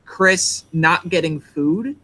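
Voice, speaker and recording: A man with a slightly high, bright, forceful voice. He talks analytically and hedges often with "like.". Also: slow pace. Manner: analytical, hedging with "like". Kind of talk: casual chat.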